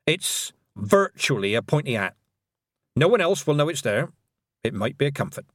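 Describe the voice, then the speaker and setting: A man reading as a stern old witch who talks slowly and dryly, clipping every phrase short, her pitch roaming up and down. The storybook voice sits close and dry, with no room sound around it. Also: big pitch swings, no echo. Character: stern older witch, curt and commanding.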